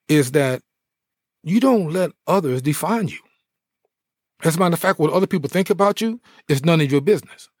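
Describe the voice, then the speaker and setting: A middle-aged man, a former pro athlete, telling his life story in a podcast interview with animated, preacher-like energy. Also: medium pitch, no room sound, studio quality. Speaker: guest, former pro football player.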